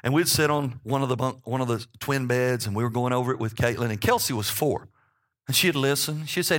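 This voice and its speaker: A man's voice: mid-range voice, a little fast, a bit bright. A man in his fifties, a pastor preaching a sermon in church, talking conversationally and often checking in with his listeners. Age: 50s.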